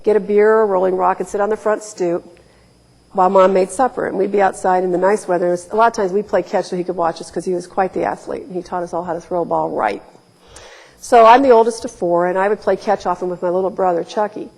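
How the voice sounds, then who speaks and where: In a reverberant lecture hall, a forty-something woman from Ohio tells candid, wry stories, throwing in emphatic quoted asides. She talks fast at medium pitch with fairly even intonation, vocal fry and a darkish tone.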